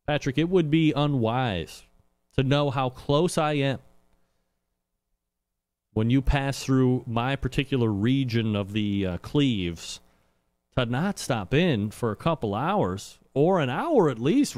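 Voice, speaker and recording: A man's voice: mid-range voice, animated, measured pace, darkish tone. A man hosting a live call-in show from his home studio, joking and rambling with lots of "uh"s. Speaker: talk show host. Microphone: studio microphone.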